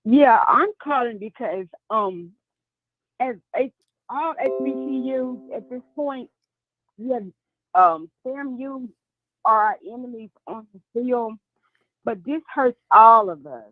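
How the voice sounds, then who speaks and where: A female caller talks slowly and deliberately over a muffled, phone-like line. Her voice sits fairly high, and her speech has some hesitant pauses. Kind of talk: call-in comment.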